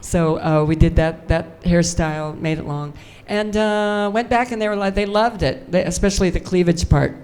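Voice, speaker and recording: A woman's voice: on the low side, moderate pace, hardly any pauses, a little mellow, clear, resonant tone. Chatty older woman telling stage stories. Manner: chatty, self-mocking, breaks into laughs. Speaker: convention panel guest. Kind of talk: storytelling on a fan panel. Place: convention stage before a live audience.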